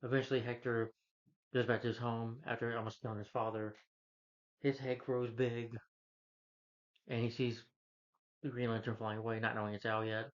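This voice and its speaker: A man's voice: medium pitch, level tone, moderate pace, long pauses. A man casually retelling a film's plot as a reviewer, rambling, with frequent restarts. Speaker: film reviewer. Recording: dull lo-fi recording.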